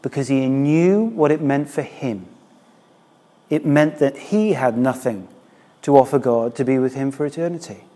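A man's voice: mid-range voice, moderate pace, warm tone. A middle-aged man preaching a sermon in a conversational way, often asking the listeners rhetorical questions.

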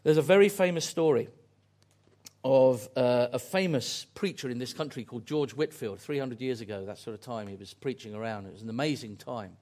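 A man's voice: mid-range voice, a little fast, darkish tone. A man preaching a sermon, earnest and fond of repeated phrases and pointed questions.

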